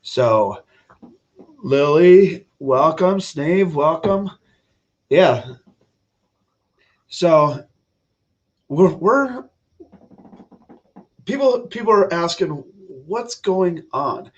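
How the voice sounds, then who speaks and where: A man's voice: on the high side, lively intonation, drawn-out words, long pauses, lo-fi sound. A man hosting a casual political livestream, talking bluntly and opinionated, rambling with frequent restarts. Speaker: livestream host.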